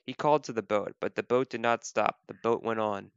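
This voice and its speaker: A man reading a children's picture book aloud as a volunteer, gentle, slow and clear. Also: lowish voice, no echo. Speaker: volunteer reader. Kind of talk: children's storybook read-aloud. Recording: dull, lo-fi dry recording.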